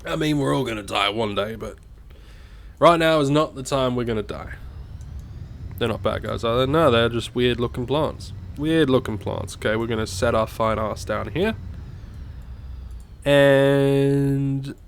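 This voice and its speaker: An Australian man talks over his gameplay in a loose, rambling way, dropping swear words constantly. He has a cold today, and his voice sits at a middling pitch for a man. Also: unhurried, long pauses. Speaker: gameplay commentator. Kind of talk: casual gameplay commentary.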